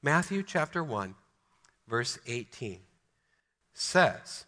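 A male pastor preaching a sermon, emphatic, slowing down to stress key words. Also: on the high side, animated, sharp tone, in a large hall.

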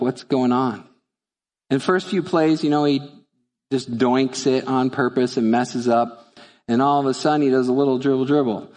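A man's voice: medium pitch, a little mellow, big-room sound. A middle-aged man preaching a sermon as pastor, telling stories and then building to fervent rhetorical questions. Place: church sanctuary.

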